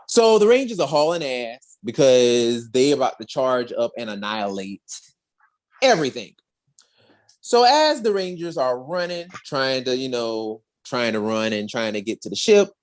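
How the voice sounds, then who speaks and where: A man hosting a podcast, telling a comic story in a slangy, animated way. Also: medium pitch. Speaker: podcast host. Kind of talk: casual comic recap chat.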